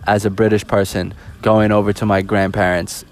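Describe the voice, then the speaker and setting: A man's voice: fairly low pitch, flat delivery, normal speed. A young man telling a personal story in a casual storytime monologue, animatedly acting out the quoted dialogue. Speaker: vlogger.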